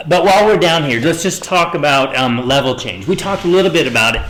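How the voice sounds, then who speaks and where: A man's voice: on the high side, expressive, fairly quick, a bit bright. A man teaching an online dance lesson, counting out beats while he moves and encouraging viewers as he goes. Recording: roomy echo, distant camera mic.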